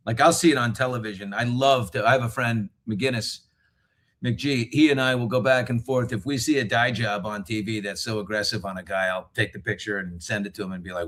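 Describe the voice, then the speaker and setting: A middle-aged man chatting on a live video call from a hotel room, joking and often laughing. His voice is bright and forward, with a casual, animated delivery. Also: mid-range voice, fairly quick. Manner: jokey, animated, laughs a lot. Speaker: host. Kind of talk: casual live show chat.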